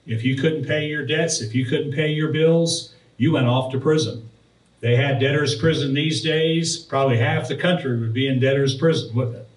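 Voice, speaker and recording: A pastor preaching, telling a personal story and then reading and explaining scripture verses. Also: male voice, mid-range voice, normal speed. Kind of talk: sermon. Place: church sanctuary. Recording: roomy, distant from the mic.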